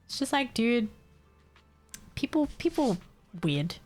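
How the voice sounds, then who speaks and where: A woman's voice: a little high, very animated, slow, a little mellow, soft background music. A young woman, chatting casually on a live stream, venting in exasperation, laughing often and swearing.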